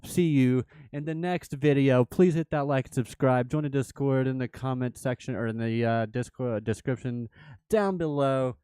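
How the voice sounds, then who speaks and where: A man voicing a hyped male crypto trader with a put-on British accent that drifts, loud and upbeat, repeating catchphrases. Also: mid-range voice, moderate pace, clear, resonant tone, dry recording, lightly acted.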